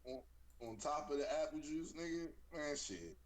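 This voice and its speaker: A man's voice: a little high, animated, normal speed. A man co-hosting a casual chat, teasing bluntly and swearing freely.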